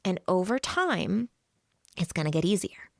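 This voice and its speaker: A woman hosting a podcast, explaining emotional regulation to listeners, voicing inner thoughts in quick quoted asides and laughing lightly between points. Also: fairly low pitch, big pitch swings, vocal fry, darkish tone, no room sound, clean studio sound. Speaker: podcast host.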